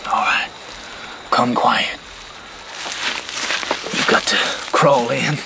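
A man playing a tense young man in hiding who speaks low and urgently in rural dialect, with a gravelly voice. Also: fairly even intonation, drawn-out words, background noise.

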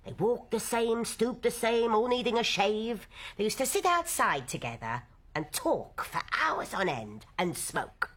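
An actress playing a tough, worn-down middle-aged housewife who talks bluntly and plainly about hard times. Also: female voice, a little high, very animated, unhurried, fairly bright tone, slightly rough, full character voice. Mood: weary. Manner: blunt, matter-of-fact, worn down. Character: tough weary working-class London housewife. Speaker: wife and host of old friends. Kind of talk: stage drama dialogue.

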